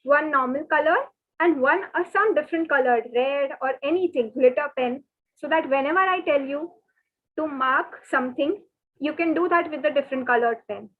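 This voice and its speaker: High-voiced woman teaching patiently. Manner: patient, repeats each word slowly and often. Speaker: French teacher. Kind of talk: online language lesson. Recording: thin phone-like webinar audio.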